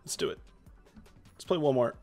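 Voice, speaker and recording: A man streaming a video game live, reacting excitably and chatting to his viewers. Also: moderate pace, soft background music. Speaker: Twitch streamer.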